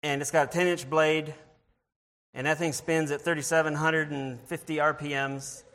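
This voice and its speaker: A man with a slightly high voice preaching an informal sermon to his congregation. He talks earnestly and haltingly, stumbling into restarts and repeated words. When he reads scripture, his voice drops lower and slows. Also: level tone, fairly bright tone. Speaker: lay preacher.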